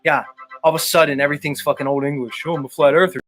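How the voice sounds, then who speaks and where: A man's voice: fairly high pitch, fairly even intonation, racing, a bit bright, soft background music. A man hosting a livestream show, ranting in a sarcastic, mock-exasperated way and swearing often. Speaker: show host. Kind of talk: casual sarcastic livestream rant.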